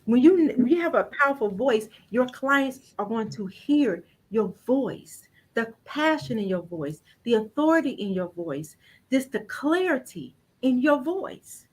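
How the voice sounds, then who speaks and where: A woman personal branding coach with a high, light voice, speaking emphatically in a preacherly cadence. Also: very animated, unhurried, husky, rough recording. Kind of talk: inspirational coaching talk.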